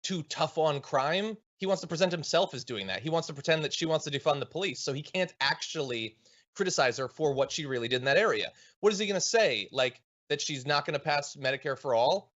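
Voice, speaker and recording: A man hosting a political commentary show, talking through points in a quick, wry way. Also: fairly high pitch, fairly bright tone. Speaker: host. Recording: muffled lo-fi audio.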